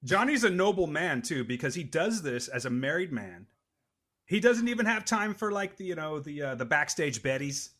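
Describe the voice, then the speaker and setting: A man's voice: fairly high pitch, big pitch swings, moderate pace, a bit bright. A man co-hosting a podcast, teasing and hyping up his guest in casual banter. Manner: playful, teasing, showman-like. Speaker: podcast co-host.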